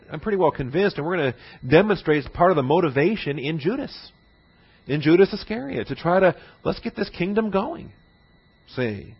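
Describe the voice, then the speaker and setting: A man teaches a Bible class in a relaxed lecturing voice, pitched a little high. He keeps checking in with his listeners as he goes. The recording sounds dull and lo-fi, as if from an old classroom tape. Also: husky. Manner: conversational, checks in often with "all right?" and "see?".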